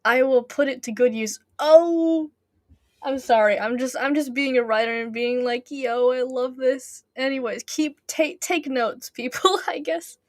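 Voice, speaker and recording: A woman's voice: high-pitched, unhurried, dry recording, clean studio sound. A woman reading a fan novel aloud with casual asides, giggling often and tripping over her words. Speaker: audiobook reader.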